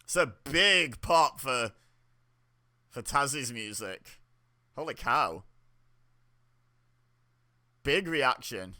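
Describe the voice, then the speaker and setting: A man's voice: medium pitch, lively intonation, very slow, pauses often, bright, forceful tone. A young man giving casual, chatty commentary while watching a wrestling show, reacting aloud with laughs and exclamations. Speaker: wrestling watch-along host.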